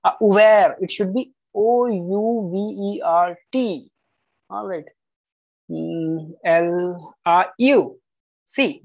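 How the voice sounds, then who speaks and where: A tutor goes through homework at a slow, unhurried pace, bluntly calling answers right or wrong and spelling words out letter by letter. The voice sits close and dry on a slightly dull, lo-fi recording. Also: medium pitch, dry recording. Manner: blunt corrections, repeats key rules, spells out letters. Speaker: French tutor. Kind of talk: correcting a student's homework aloud.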